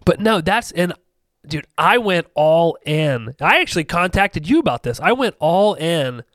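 A man chatting on a podcast, his voice sitting a little high and sounding dry and close. He tells stories with plenty of swearing and dramatic re-enactments of what he said. He speaks casually, with frequent restarts. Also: a little slow, no echo. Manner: animated storyteller, swears, acts out his own past rants. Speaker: podcast co-host. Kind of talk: casual chat.

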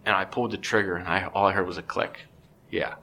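A man, a podcast guest, telling a story in a casual, excitable way with many restarts. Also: deep voice, quick pace, creaky.

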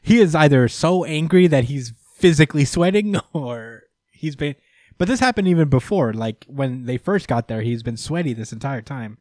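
A man's voice: on the high side, animated, moderate pace, darkish tone, no echo, clean studio sound. A man co-hosting a podcast, recapping a story in casual chat, laughing often and swearing freely. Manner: laughing, profane, acts out quotes. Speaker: podcast co-host.

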